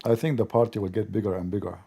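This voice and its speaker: A man's voice: on the low side, fairly even intonation, fast, warm tone, breathy edge. A man hosting a show, giving sarcastic, interrupting commentary on news clips. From Arab world. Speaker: host reacting to news clips. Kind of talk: mocking live commentary.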